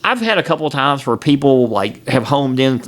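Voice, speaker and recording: A man hosting a podcast, telling a story in a rambling, animated way and often laughing. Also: medium pitch, moderate pace. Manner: rambling, with many restarts. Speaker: podcast host. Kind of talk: casual storytelling chat.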